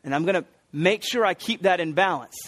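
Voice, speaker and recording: A man's voice: sits high, fairly quick, fairly bright tone, dry recording, studio quality. A middle-aged American man preaching a sermon as pastor, earnest, stressing and repeating key words, with frequent ums and restarts. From United States.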